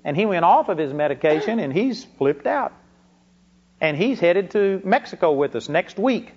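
A man's voice: sits high, lively intonation, normal speed. A man preaching a sermon, telling folksy stories from his ministry and rising into bursts of emphasis. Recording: dull lo-fi recording.

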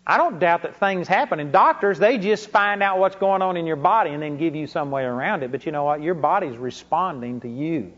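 Male preacher with a high voice, folksy sermon delivery, punchy emphasis. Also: animated, brisk, hardly any pauses, fairly bright tone. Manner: folksy storytelling with bursts of emphasis. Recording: dull lo-fi recording.

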